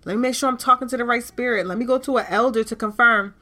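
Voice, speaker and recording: Woman, podcast host, casual candid talk, bright voice, animated. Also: a little high, fast talker. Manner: animated and candid, with frequent cursing.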